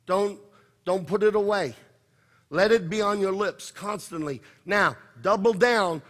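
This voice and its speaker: A man's voice: high voice, a little slow, fairly bright tone. A man voicing God, who speaks to Joshua with commanding yet reassuring insistence. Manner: urgent, insistent exhortation.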